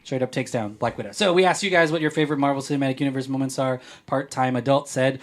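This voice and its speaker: A man's voice: medium pitch, lively intonation, fast, few pauses. A man hosting a podcast, chatting casually and reading listener mail in a playful, joking way. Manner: playful, jokey, rambling. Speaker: podcast host.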